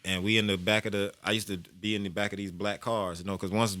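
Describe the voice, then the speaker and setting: Bright-voiced man telling a lively story. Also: quick pace, no echo. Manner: animated storyteller, acts out quotes in high voices. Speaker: music executive guest. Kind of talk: casual radio interview storytelling. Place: radio studio. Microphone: studio microphone.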